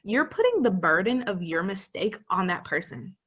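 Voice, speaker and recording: A young woman co-hosting a casual educational discussion, lively and laughing, acting out little scenes as she explains. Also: on the low side, moderate pace, slightly rough. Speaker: co-host.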